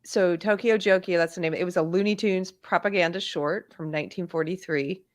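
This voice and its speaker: लाइव स्ट्रीम पर बात करती महिला होस्ट. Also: female voice, fairly low pitch, brisk. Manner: reads chat and notes aloud, chatty. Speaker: co-host. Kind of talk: casual live-stream chat.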